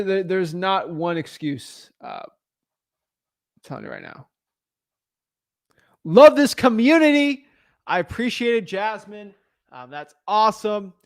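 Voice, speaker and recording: Energetic man hosting a live Q&A. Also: a little high, no room sound, studio quality. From United States. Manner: energetic, repeats himself, many fillers and restarts. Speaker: livestream host answering viewer questions. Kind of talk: casual live Q&A.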